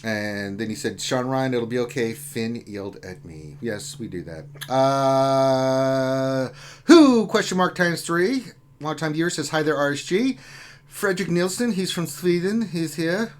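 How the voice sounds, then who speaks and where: A man's voice: mid-range voice, lively intonation, unhurried. A man hosting a lunchtime gaming live stream, joking around and reading out viewer comments in a casual chat. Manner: joking, banter-filled.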